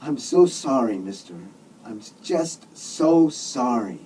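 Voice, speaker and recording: A man's voice: medium pitch, sing-song, a little slow, mellow, recorded from a distance, slight background noise, low-quality recording. Man voicing a weepy, apologetic bearded guy. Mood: pleading. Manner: weepy, apologetic, earnest praying. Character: remorseful bearded man, blubbering and pleading.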